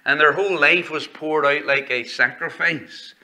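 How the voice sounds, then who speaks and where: A man's voice: on the high side, moderate pace, bright, forceful tone. A male pastor preaching a sermon in a church, reading scripture aloud and building emphasis as he goes. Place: church sanctuary.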